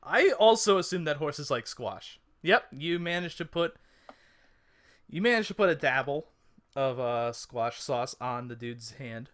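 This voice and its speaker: A man's voice: on the high side, expressive, a little slow, a bit bright. A man narrating as game master of a tabletop game, laid-back and giggly.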